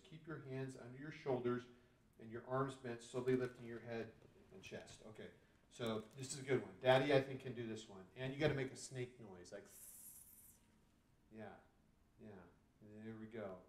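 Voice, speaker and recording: A man's voice: mid-range voice, recorded from a distance, a little hiss or hum. A man, a dad, reading a storybook to children, groaning and joking as he tries each pose. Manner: goofy, groaning and joking while doing the poses. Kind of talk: playful storytime with exercises. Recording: roomy echo, voice a bit off-mic.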